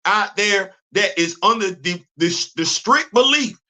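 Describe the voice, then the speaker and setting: A man's voice: high voice, expressive, measured pace, sharp tone. A man hosting his own show, ranting in casual, emphatic, slangy commentary. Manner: emphatic, exasperated, loose slangy talk. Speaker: podcast host.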